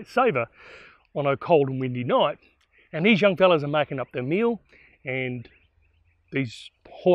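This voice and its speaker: A man retelling a historical bushranger tale in a casual, animated way with asides. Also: a little high, dry recording, lo-fi sound. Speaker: storyteller. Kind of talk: spoken historical storytelling.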